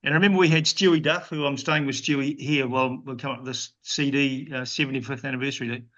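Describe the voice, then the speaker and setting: In a casual, dull-sounding lo-fi podcast interview, a New Zealand man in his sixties who once played cricket tells rambling, deadpan-funny anecdotes and often restarts. He talks fast, with a medium pitch, fairly even intonation and a bit of brightness.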